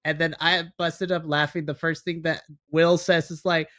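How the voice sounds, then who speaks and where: A man co-hosting a wrestling podcast, excitedly recapping the show in casual chat. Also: a little high, moderate pace. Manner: enthusiastic, recaps events, mimics wrestlers. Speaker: podcast co-host.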